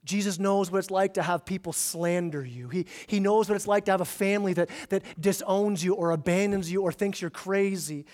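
High-voiced man preaching a sermon. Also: brisk, hardly any pauses, a little mellow. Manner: conversational, repeats words when emphasizing. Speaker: pastor.

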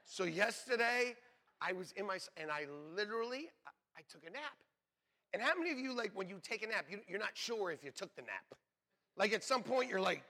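A man's voice: high voice, a little fast. A middle-aged man preaching a sermon, telling jokey stories with laughs along the way. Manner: joking, animated storytelling with laughs. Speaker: pastor. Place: church sanctuary.

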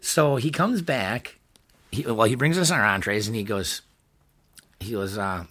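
A man's voice: lowish voice, a little slow, long pauses, a bit bright, breathy edge. A young man from the Niagara Falls area telling a dinner story in casual podcast chat, laughing often and acting out quotes. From Niagara Falls area, New York. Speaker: podcast co-host.

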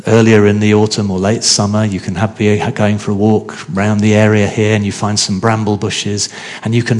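Male preacher, lowish voice, easy conversational sermon that keeps checking in with the room. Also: darkish tone. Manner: conversational, asks the congregation questions.

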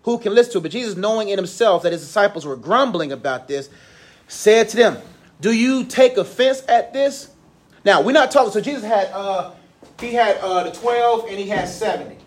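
A young man with a notably high voice teaches a Bible lesson to his class. He reads scripture aloud and then breaks it down in loose, slangy everyday talk. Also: expressive, normal speed, slightly rough.

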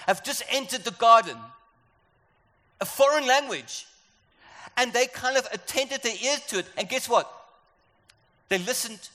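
A man's voice: a little high, pushed and bright. A man preaching a sermon, stressing and repeating his key phrases. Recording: echoey hall with faint ambience.

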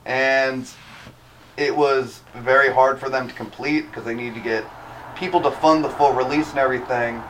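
A man's voice: mid-range voice, fairly even intonation, moderate pace, fairly bright tone, a little hiss or hum. A young man co-hosting a podcast, chatting loosely, joking and swearing freely. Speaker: podcast co-host. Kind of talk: casual chat.

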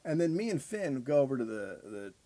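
A man in his thirties, a podcast host, telling a profane, animated story in casual chat. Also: mid-range voice, fairly quick, dry recording.

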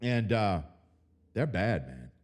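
A man hosting a sports podcast in a fired-up rant. His pitch leaps high on mocking outbursts, then sinks into low, quiet grumbles. He talks in a casual, opinionated way about betting picks. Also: big pitch swings, slow pace. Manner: fired-up ranting, mocking tone, swings from loud outbursts to low mutters. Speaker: podcast host.

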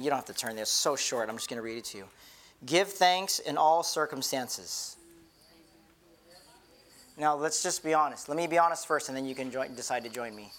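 A man's voice: medium pitch, a bit bright. Middle-aged pastor guy preaching, candid and earnest, keeps restarting his words. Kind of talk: conversational sermon.

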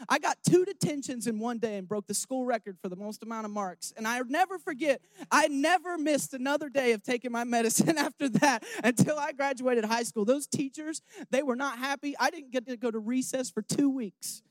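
A young man preaching a candid sermon, rambling with restarts and questions to his listeners, swinging from hushed emotion to loud rousing calls. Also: very high voice, a little fast, hardly any pauses, no echo.

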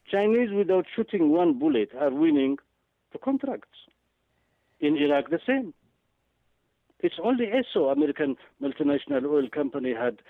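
A man speaking down a tinny, dry phone line, his pitch riding a little high and swinging widely as he presses his points. He talks with urgent emphasis, doubling back on words and filling pauses with hesitant sounds. It sounds like a guest calling in to make a case. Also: no echo. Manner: emphatic, repeats words, frequent hesitant fillers. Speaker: guest analyst. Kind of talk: impassioned political commentary.

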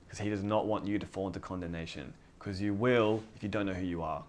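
A man's voice: on the low side, brisk, few pauses, slight background noise. A man preaching a sermon in a casual, conversational way, often acting out dialogue. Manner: conversational, animated, acts out dialogue.

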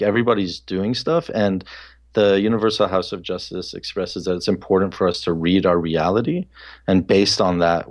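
Low-voiced man musing candidly. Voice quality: sounds harsh at times. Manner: candid, reflective, many fillers and restarts. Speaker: podcast host. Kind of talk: casual conversation.

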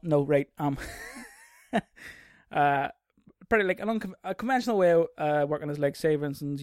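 A man hosting his own podcast alone, rambling and swearing constantly, bursting into loud mocking outbursts, recorded on a stand mic. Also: on the high side, clean tone, dry recording, studio quality. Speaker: podcast host. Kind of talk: casual solo podcast rant.

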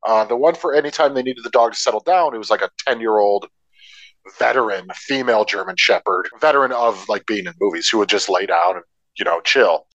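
A man's voice: lowish voice, brisk, dry recording, lo-fi sound. A man co-hosting a podcast, casually recounting behind-the-scenes film trivia with sarcastic asides. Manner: animated storyteller, sarcastic asides. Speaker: podcast co-host.

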